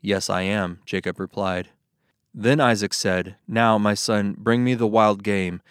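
Low-voiced man reading scripture. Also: steady tone, measured pace, clear, resonant tone, no echo, clean studio sound. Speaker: Bible reader.

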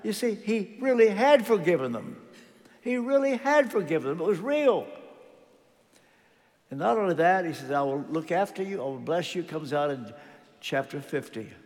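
A man's voice: high voice, big pitch swings, normal speed, a little mellow, big-room sound. An older man preaching a sermon, telling a story and acting out what the characters said, his emphasis rising and falling. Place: church.

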